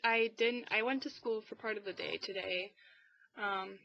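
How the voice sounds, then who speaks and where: Tired teen girl vlogger, rambly and low-key, full of fillers, dry muffled webcam sound. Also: steady tone, moderate pace, vocal fry, no room sound. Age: teens. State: tired and under the weather. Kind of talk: casual weekly vlog chat. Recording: dull, dry lo-fi webcam audio.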